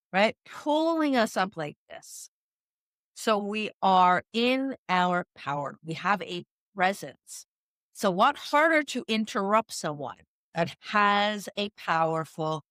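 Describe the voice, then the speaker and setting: A woman talks listeners through advice on a podcast, in an unhurried and deliberate way. Her pitch sits in the ordinary middle range for a woman. The sound is close and dry, with no room around it. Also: fairly bright tone, no room sound. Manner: measured, coaching tone with frequent "right?" check-ins. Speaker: communication coach. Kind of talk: instructional podcast talk.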